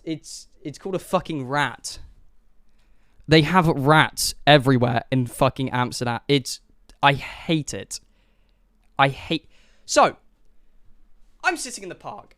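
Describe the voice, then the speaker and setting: A young man tells a rambling story to his stream chat, animated and full of swearing. His voice sits high with a crisp, bright edge, and he piles up fillers as he goes. It sounds like a loose, casual live stream. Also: unhurried, long pauses.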